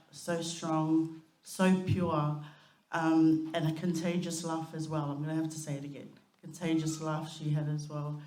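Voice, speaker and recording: A woman's voice: low-pitched, mellow. A woman giving a heartfelt, chatty eulogy for her cousin at a family funeral service. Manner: heartfelt, chatty, with fillers and laughter. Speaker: eulogy speaker, youngest sister. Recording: echoey hall.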